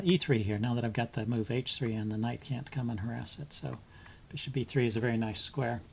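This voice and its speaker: Gravelly man muttering blitz chess thoughts. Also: mid-range voice, a little mellow, slight background noise. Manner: thinking aloud, hesitant with ums, muttering moves under his breath. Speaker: chess channel host. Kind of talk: live blitz chess commentary.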